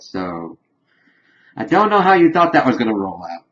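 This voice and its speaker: Low-voiced man recapping a show, lo-fi. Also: sing-song, moderate pace, a bit bright. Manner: retells scenes loosely with "he's like" quotes and fillers. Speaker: TV show reviewer. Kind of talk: casual spoiler recap review.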